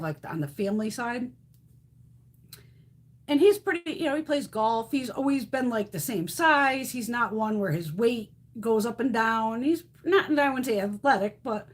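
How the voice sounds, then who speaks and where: A woman's voice: on the high side, moderate pace, breathy edge. A woman in her fifties chatting casually on a live stream, blunt and profane, telling stories with lots of animation. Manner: blunt, swears freely, animated storytelling.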